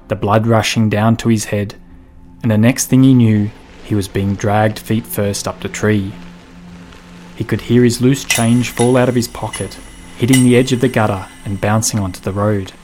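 A man narrating a story in a measured, deliberate way. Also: on the low side, fairly even intonation, a little mellow. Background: music.

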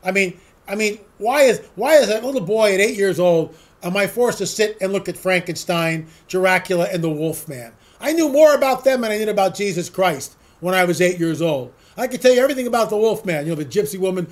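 A man with a notably high-pitched voice delivers a solo political commentary monologue. He rambles from point to point, leans on sarcastic rhetorical questions and repeats words for emphasis. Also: lively intonation, fairly quick.

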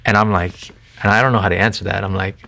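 Low gravelly guy telling his faith story, earnest, lots of "you know" and "right?". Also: steady tone, fast talker, pushed and bright. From Thai family background. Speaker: interview guest sharing his faith testimony. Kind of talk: casual conversational testimony.

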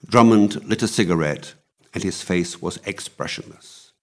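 A man narrating a novel aloud with measured storytelling. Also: deep voice. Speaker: audiobook reader.

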